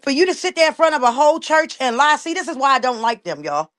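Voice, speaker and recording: A woman's voice: high voice, very animated, fast, a bit bright. A woman talking on a casual livestream. She is emphatic and indignant, repeats her points and keeps calling out to "y'all".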